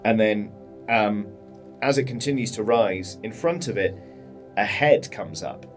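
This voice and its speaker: A man's voice: lowish voice, unhurried, soft background music. A British man narrating as dungeon master, describing scenes and making sound effects. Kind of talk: narrating a tabletop game.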